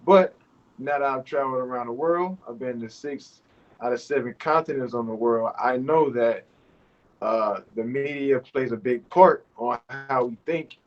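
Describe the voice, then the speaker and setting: A man in his thirties, a basketball player playing overseas, talking casually in an interview over a video call, relaxed and rambling with lots of fillers. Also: medium pitch, unhurried, muffled recording. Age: 30s.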